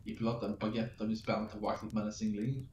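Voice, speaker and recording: Man haltingly reading his own story. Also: on the low side, little pitch movement, darkish tone, highs cut off. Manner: halting, stumbling reading with restarts. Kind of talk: reading a fantasy story aloud. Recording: roomy, distant mic with faint noise.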